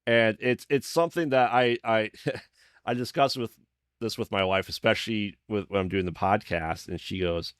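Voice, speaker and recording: A man's voice: on the low side, moderate pace, clean tone, no room sound, studio quality. A man hosting a podcast, chatting casually and easygoing, with frequent restarts and agreeing remarks. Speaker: podcast host. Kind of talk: casual conversation.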